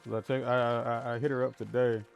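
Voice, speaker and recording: A man chatting casually on a live gaming stream, telling rambling, animated stories, restarting sentences and laughing at his own jokes. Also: mid-range voice, quick pace, gravelly, faint music behind. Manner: restarts and stammers often.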